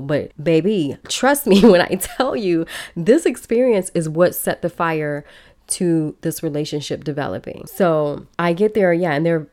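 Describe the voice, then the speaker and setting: A woman's voice: low-pitched, a little mellow. A woman podcast host telling a personal story in a casual, chatty way, talking straight to her listeners.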